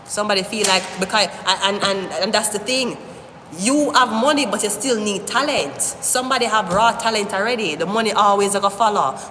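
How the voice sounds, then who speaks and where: A woman giving a live-stream tarot reading, talking straight to the viewer in an animated, rambling way, often cursing. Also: medium pitch, a little fast. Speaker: tarot reader. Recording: echoey room with long reverb, faint hiss.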